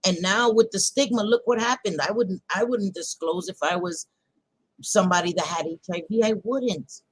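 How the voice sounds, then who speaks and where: Woman, mid-pitch voice, emphatic, repeats points, heated casual chat. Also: moderate pace, breathy edge, rough recording. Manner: emphatic, repetitive, apologetic at times.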